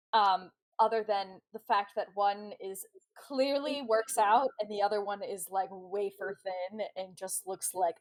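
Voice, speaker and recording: A woman's voice: mid-range voice, rough recording. A woman narrating as game master, chatty and giggly, with many fillers.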